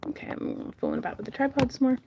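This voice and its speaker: A woman's voice: sits high, lively intonation, racing, gravelly, noisy background. A woman hosting a casual crafting livestream from home, chatting and laughing often as she reads viewers' comments.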